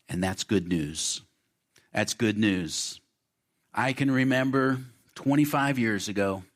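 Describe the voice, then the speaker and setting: A man with a fairly low voice delivers a sermon from the pulpit. He speaks earnestly and repeats his phrases as he shares a personal story of faith. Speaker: pastor. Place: church sanctuary.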